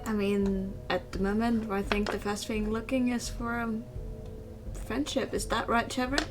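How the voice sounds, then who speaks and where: A woman's voice: fairly high pitch, flat delivery, moderate pace, music in the background. A woman playing a tabletop game, speaking casually and hesitantly. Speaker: player.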